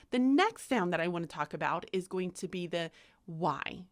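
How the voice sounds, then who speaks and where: A woman's voice: lowish voice, big pitch swings, moderate pace, a bit bright. A young adult woman teaching phonics to camera, speaking carefully and sounding out letters as she demonstrates. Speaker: literacy teacher.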